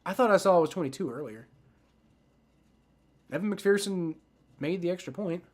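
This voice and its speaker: A man hosting a live football reaction stream, rambling excitedly and talking straight to his chat. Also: sits high, normal speed. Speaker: livestream sports reaction host. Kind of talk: live game reaction commentary.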